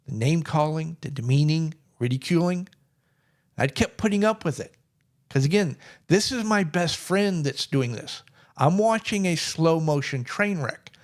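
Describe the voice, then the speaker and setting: A middle-aged man telling a personal story in a plainspoken, wry way. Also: a little high. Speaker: vlogger.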